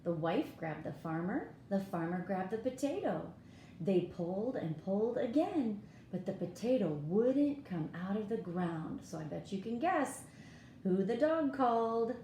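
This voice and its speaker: A woman's voice: mid-range voice, big pitch swings, unhurried, mellow, reverberant, slight background noise. A woman reading a picture book aloud to children, pointing out the pictures and asking her listeners questions. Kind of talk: read-aloud storytime.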